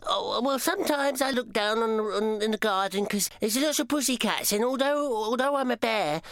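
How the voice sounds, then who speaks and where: A man voicing a small, shy toy bear who talks hesitantly in a soft, childlike way. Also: extremely high pitch, moderate pace, clean tone, no room sound.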